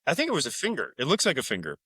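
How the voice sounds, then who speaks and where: Male podcast co-host, casual and crude, bright tone, dry close sound. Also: medium pitch, wildly swooping pitch, very fast, husky, dry recording. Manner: rambling, profane, laughing loudly, mimicking characters. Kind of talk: casual chat recapping a film.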